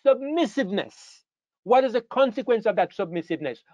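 A man's voice: high-pitched, normal speed, a little mellow, no echo. A man preaching a sermon with an emphatic manner, asking rhetorical questions and repeating key phrases. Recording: dull dry lo-fi sound.

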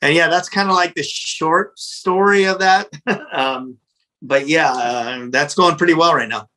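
A middle-aged man, a pizza restaurant owner, telling a story in a casual interview in a blunt, animated, profane way. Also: fairly high pitch, unhurried, rough recording.

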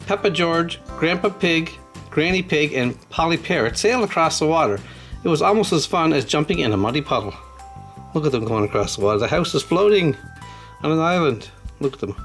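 A man casually unboxing toys and reading a children's storybook aloud, chatting to young viewers as he goes. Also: on the high side. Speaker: channel host.

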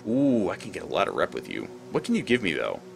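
A man's voice: low-pitched, huge pitch swings, quick pace, gravelly, faint music behind. A man commentating his gameplay, rambling, thinking aloud and swearing freely. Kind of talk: let's play commentary.

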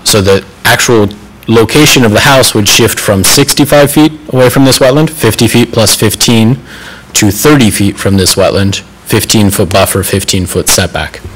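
A man's voice: lowish voice, normal speed, a bit bright, a little hiss or hum, low-quality recording. A man on city staff presenting a planning amendment to a council, methodical and self-deprecating about errors on his slides.

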